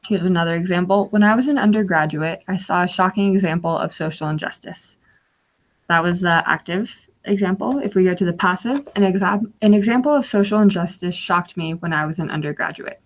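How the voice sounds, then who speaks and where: A woman's voice: lowish voice, a little fast. A young woman giving an instructional webinar, explaining slides step by step with frequent fillers. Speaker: webinar guest speaker.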